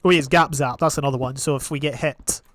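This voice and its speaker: A young man giving casual, rambling commentary on his own gameplay, with sudden excited outbursts. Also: medium pitch, quick pace, no room sound. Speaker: gaming channel host.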